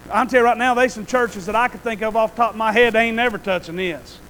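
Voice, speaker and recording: A man preaching a sermon in a folksy, animated way, often asking the congregation "Amen?" and swinging from quiet asides to loud bursts. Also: high-pitched, quick pace, a little hiss or hum, low-quality recording.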